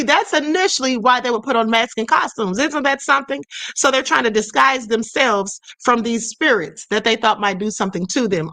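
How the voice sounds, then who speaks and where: A woman with a bright, forceful voice hosts a live stream, talking her viewers through the subject in a chatty, conversational way. She keeps checking in with "okay" and reads comments aloud as they come. Her voice sits fairly high, and the sound is dry and close. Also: no room sound. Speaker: host of a spirituality live stream.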